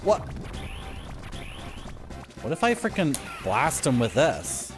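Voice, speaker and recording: This young streamer plays a game at home and chats with his viewers in a self-mocking way. His voice is on the high side and slow, with huge swings in pitch. Retro game music plays in his home streaming room, where there is a game shelf, as he gives casual gameplay commentary.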